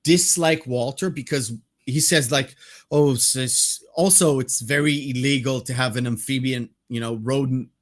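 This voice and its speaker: A man co-hosting a casual movie podcast, animated, swearing freely and laughing often. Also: medium pitch, a little slow. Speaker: podcast co-host.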